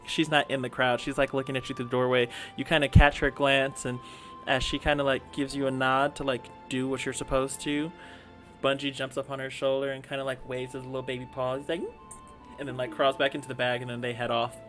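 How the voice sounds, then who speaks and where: A man narrating a tabletop role-playing game as game master in a relaxed, casual way, full of fillers like "like" and "kinda.". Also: medium pitch, fairly quick, soft background music.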